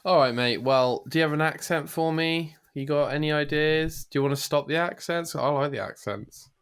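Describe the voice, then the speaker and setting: A man's voice: on the high side, moderate pace, fairly bright tone, smooth. A man hosting a gaming podcast in casual, jokey chat. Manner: chatty, jokey, drops into silly accents. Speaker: podcast host.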